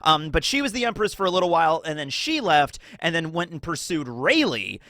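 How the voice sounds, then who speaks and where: A man hosts casual anime theory commentary in a high, bright voice. He rambles and fills his talk with fillers, jumping into animated acted-out dialogue. The recording is dry and close, with no room sound. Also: brisk, dry recording. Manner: rambling, filler-heavy, acts out characters in animated bursts.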